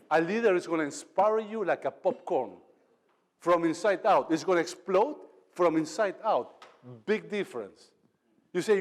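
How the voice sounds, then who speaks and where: In a reverberant event hall, a man gives an emphatic motivational talk about leadership, performing the quoted lines. His voice is fairly high and animated, at a moderate pace.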